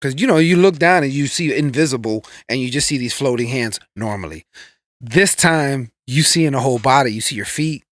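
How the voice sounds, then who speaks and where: A young man co-hosting a casual chat show, talking in relaxed slang and often trailing off into quiet low asides. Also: fairly quick, no echo, clean studio sound. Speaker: podcast co-host.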